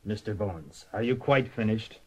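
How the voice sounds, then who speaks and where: A man's voice: on the low side, lively intonation, normal speed, breathy edge, low-quality recording. Man acting as elderly rich client, stern, formal, impatient, radio comedy.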